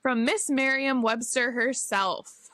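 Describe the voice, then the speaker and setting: Slow, bright-voiced woman. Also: fairly high pitch. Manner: slow, laughs along, brief reactions. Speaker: podcast co-host. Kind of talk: casual chat.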